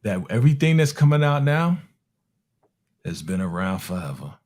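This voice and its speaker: A middle-aged man from Harlem, telling animated, slangy stories in casual chat and acting out the voices of people in them. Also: on the low side, moderate pace. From Harlem, New York. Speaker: music producer telling stories on a talk show.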